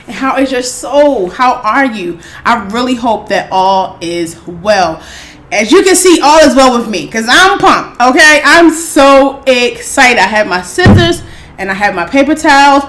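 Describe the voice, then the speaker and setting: A woman hosting an eating show, chatting casually and excitedly to her viewers, calling them y'all. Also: on the high side, unhurried. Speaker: mukbang host.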